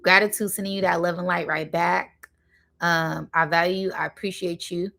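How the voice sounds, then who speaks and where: A woman hosting a live spiritual channeling talk, rambling with many fillers and slowing down to stress her points while speaking straight to her viewers. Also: lowish voice, fairly even intonation, gravelly, pushed and bright. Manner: addresses viewers directly and casually.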